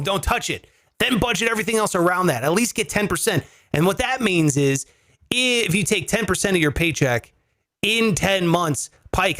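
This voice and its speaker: A man's voice: high voice, fairly bright tone. A man hosting a comedy finance podcast, talking casually with swearing and joking rants. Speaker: comedy finance show host.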